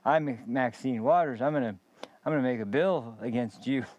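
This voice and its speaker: A man doing a yelling, sputtering impression of an angry older woman politician. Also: mid-range voice, normal speed, no echo, lightly acted.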